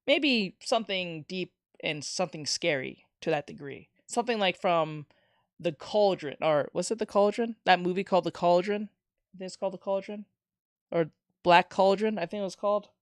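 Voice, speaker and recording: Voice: medium pitch, moderate pace, no echo, clean studio sound. A streamer in a casual live-stream chat, ranting with some swearing and reading chat messages aloud. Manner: animated ranting with profanity, reads chat aloud.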